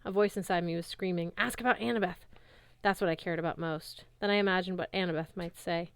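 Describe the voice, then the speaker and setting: A woman reading a novel aloud in first person, with lively narration. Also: on the low side, fast talker, clear, resonant tone, no echo. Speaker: reader.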